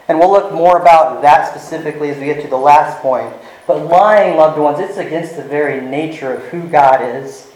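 A male pastor preaching a sermon in an earnest way, slowing down and dropping to a soft voice to stress his points. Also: fairly high pitch. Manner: earnest, varies volume, slows for emphasis. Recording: echoey room.

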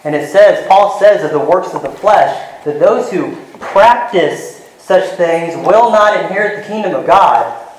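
A man's voice: a little high, reverberant, a little hiss or hum, low-quality recording. A man preaching a sermon in an earnest teaching manner, walking listeners through scripture. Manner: earnest, retells scenes with lively voices.

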